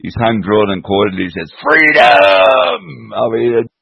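A man's voice: fairly low pitch, fairly even intonation, brisk, vocal fry, slightly rough, dry recording. A man from England hosting a casual online chat show, easygoing and chatty, with hesitant restarts. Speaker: host. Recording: dull lo-fi dry audio.

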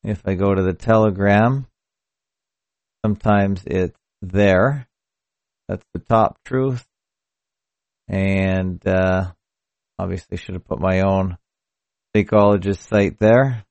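A man's voice: sits low, gravelly, no room sound. A man hosting a casual solo live stream, talking in a rambling, conversational way and often correcting himself mid-sentence. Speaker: podcast host. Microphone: mic through a hardware audio box.

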